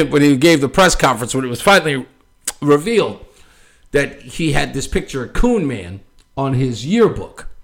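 Male host, opinionated rant, lively and slightly high pitched, chuckles and ums throughout. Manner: ranting, animated, laughs often, many fillers. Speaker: show host. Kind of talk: opinionated political commentary.

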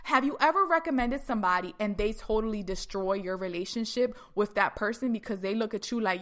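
A woman giving an energetic, emphatic motivational talk, speaking straight to her listeners. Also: mid-range voice, fairly quick, hardly any pauses.

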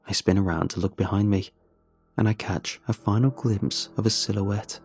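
A man tells a first-person horror story at a measured, dramatic pace. His voice sits a little low and sounds dark and mellow. The delivery is steady storytelling. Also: a little hiss or hum. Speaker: narrator.

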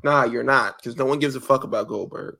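A man co-hosting a wrestling podcast in casual, animated chat, swearing freely and mocking people in quick impressions. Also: medium pitch, vocal fry. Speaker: podcast co-host.

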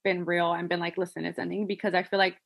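A woman from New Jersey chatting casually as a podcast co-host and mother, talking in an animated way with frequent laughter and swearing. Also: on the low side, quick pace, gravelly. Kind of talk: casual chat.

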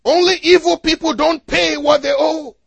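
A man preaching a sermon to a congregation, asking them to fill in the words and swinging between loud exhortation and quiet asides. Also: very high-pitched, steady tone, normal speed, creaky, no room sound. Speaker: pastor.

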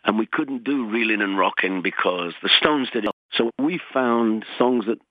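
An older man from England, chatting as a guest in an interview, self-mocking and lively. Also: on the low side, moderate pace, no room sound. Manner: chatty, self-mocking, sings snatches of songs. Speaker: guest musician. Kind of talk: casual interview chat. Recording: tinny dry phone line.

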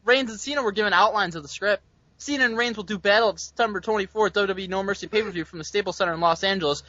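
A man with a high, bright voice hosts a casual podcast, reading news items aloud and adding teasing asides. The sound is dry and close, with a dull, lo-fi edge. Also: racing, no echo. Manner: reads reports, teasing asides.

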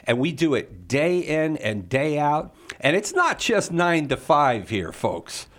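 A man's voice: on the high side, wildly swooping pitch, slow pace, fairly bright tone. A man, a radio apologist, making an urgent fundraising appeal to listeners, pleading and repeating the call-in number.

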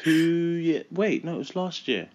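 A man's voice: on the high side, animated, unhurried, darkish tone. A young man chatting casually as a podcast co-host, joking in slang and laughing often. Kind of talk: casual chat.

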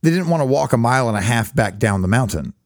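A man co-hosting a podcast with a Southern US accent, telling the story in a lively, jokey way. His voice sits at an ordinary middle pitch. The sound is close and dry, with no room echo. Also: fast talker. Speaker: podcast co-host. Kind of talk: casual chat.

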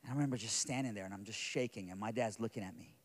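Man preaching, hushed then rising loud. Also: on the low side, very fast. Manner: storytelling, swings from hushed to loud and intense. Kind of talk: sermon.

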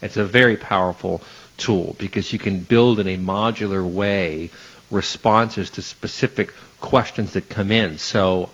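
A man hosting a casual panel discussion, talking quickly and chattily with rhetorical asides. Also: sits low, fairly even intonation, a bit bright, breathy edge. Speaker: host and panel moderator. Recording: dull lo-fi audio.

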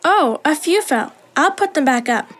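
Quiet polite schoolgirl, high voice, helpful, children's audio drama. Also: animated, moderate pace. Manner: soft-spoken, polite.

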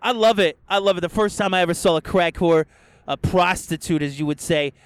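A man with a high voice rants through a casual podcast recorded inside a car. He swears in nearly every line and keeps flaring into loud outbursts. The sound is dry and close, with no room echo. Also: a little fast, smooth. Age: adult, past a first marriage. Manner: crude, swears constantly, bursts into yelling. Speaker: podcast host. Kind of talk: profane casual rant.

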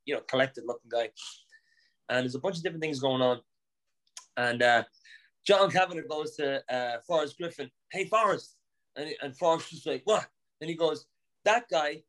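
A young Irish man from Ireland telling animated stories on a podcast, laughing, swearing and restarting his sentences. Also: mid-range voice. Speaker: podcast guest. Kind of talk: casual storytelling.

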